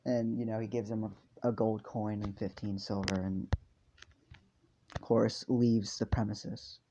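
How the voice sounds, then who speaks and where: A man's voice: lowish voice, level tone, measured pace, dark tone. A man casually telling an improvised story, rambling with many fillers and restarts. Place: home room. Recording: dull lo-fi home mic with faint noise.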